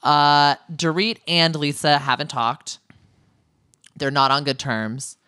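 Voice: mid-range voice, slow, pushed and bright, smooth, no room sound, clean studio sound. A podcast co-host chatting casually and opinionatedly in a reality-TV recap, with jokey asides.

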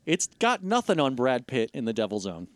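A man's voice: mid-range voice, wildly swooping pitch, a little fast, no echo. A man co-hosting a casual movie podcast, talking in a dry, wry, sarcastic way. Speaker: podcast co-host.

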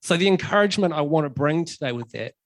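A man's voice: fairly high pitch, lively intonation, fast talker, no echo. A man preaching a sermon in a conversational way, with lots of ums and emphatic repetitions.

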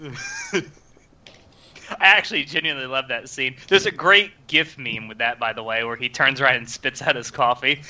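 A young man hosting a casual podcast chat, animated and laughing often. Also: mid-range voice, normal speed, pauses often. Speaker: podcast host.

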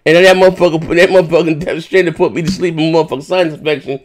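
Rambling, profane streamer, high-voiced man. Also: steady tone, rapid-fire. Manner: profane, rambling storytelling with many fillers. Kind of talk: casual stream banter.

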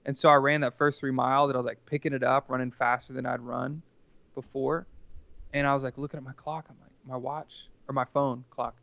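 A man's voice: medium pitch, little pitch movement, a little fast, gravelly, clean tone, dry recording, dull audio. A man telling a personal story casually as a podcast guest, rambling and earnest, with lots of filler words.

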